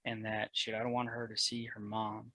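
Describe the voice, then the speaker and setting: A man talking earnestly as a podcast guest about his marriage and his faith, getting loud and fervent at times. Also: fairly low pitch, monotone, moderate pace, no echo, poor audio. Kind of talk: candid personal conversation.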